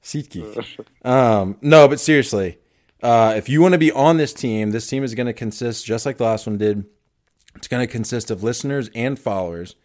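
A man's voice: mid-range voice, normal speed, a little mellow. A young man co-hosting a casual sports podcast, loose and joking, often breaking into laughter. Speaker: podcast co-host.

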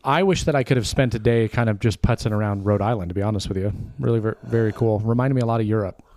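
Male co-host, low and warm, curious questioner, dry close sound. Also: fast talker, no room sound. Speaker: podcast co-host. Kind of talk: casual chat.

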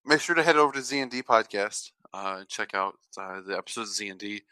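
A man co-hosting a podcast in casual chat, joking and laid-back, often filling pauses with "uh". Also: on the low side, sharp tone, clear, resonant tone, no room sound. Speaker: podcast co-host.

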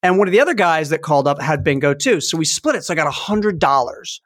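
A man in his fifties hosting a podcast, telling childhood stories in a casual, animated way. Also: a little high, fast. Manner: animated storytelling, acts out toy sounds. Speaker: podcast host. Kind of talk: casual chat.

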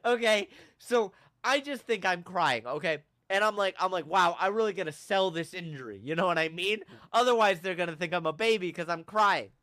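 A young man hosting a podcast, telling a funny story with animated, self-mocking drama and big swings in his voice. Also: high voice, moderate pace, hardly any pauses, smooth. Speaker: podcast host. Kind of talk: comedic storytelling in casual chat.

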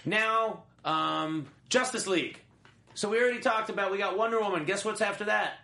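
A young man chatting on a podcast, his voice pitched a little high. He rambles, jokes and restarts his sentences as he goes. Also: moderate pace, gravelly, sharp tone. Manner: rambling, self-correcting, joking. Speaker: podcast co-host. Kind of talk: casual chat.

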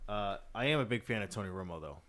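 A young man with a lowish voice co-hosting a sports podcast. He is blunt and opinionated, often stumbling and restarting mid-sentence. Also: lively intonation, quick pace, a bit bright, slight background noise. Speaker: podcast co-host. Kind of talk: casual chat.

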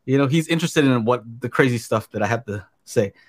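A man co-hosting a casual podcast, talking in a relaxed, rambling way. His voice sits at an ordinary middle pitch for a man. He drifts from thought to thought with filler words and friendly asides. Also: quick pace. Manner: earnest, rambling, easygoing. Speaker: podcast co-host. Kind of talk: casual chat on a live stream.

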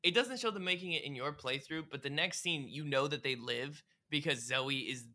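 A man with a strikingly bright, punchy voice recaps a video game with friends. He tells it like a story, acts out the characters' lines and curses for emphasis, in a loose, conversational way. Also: fairly high pitch, moderate pace. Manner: animated storyteller, acts out dialogue, swears.

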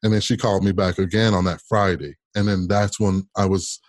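A man from Kansas with a low voice tells a long personal story as an interview guest. He is animated and often repeats a word before he finds the rest of the sentence. The recording is dry and close. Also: a little fast, no room sound. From Kansas, United States. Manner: animated, repeats words while telling a story. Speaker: interview guest, state senator.

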